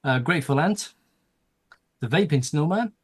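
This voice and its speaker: A man with a slightly high voice co-hosts a casual livestream. He works through a long list of names at a steady clip. He drops the odd wry aside while he reads. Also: normal speed, slightly rough. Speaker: co-host reading out chat.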